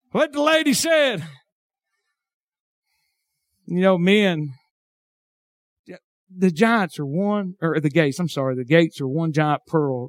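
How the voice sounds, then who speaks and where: A man with a Southern hillbilly drawl preaching a sermon, swinging between shouted passages and quiet, folksy talk. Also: mid-range voice, dry recording, clean studio sound.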